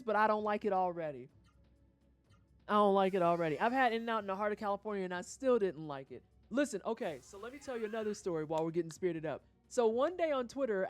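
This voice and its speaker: Brief: woman streamer from St. Louis, profane animated rant, very expressive pitch. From St. Louis, USA. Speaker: livestreamer. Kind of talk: casual rant on a gaming stream.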